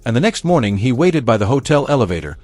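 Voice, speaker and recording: A man's voice: medium pitch, sing-song, fast talker, darkish tone, no room sound. A man giving scripted documentary narration, building suspense. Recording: dry voice-over over music.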